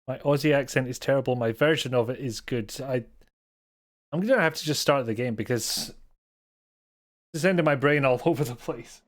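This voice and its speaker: Scottish male streamer, middle-pitched, casual and self-deprecating, rambling desk-mic chat. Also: normal speed, long pauses. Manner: rambling, self-mocking, chuckles often.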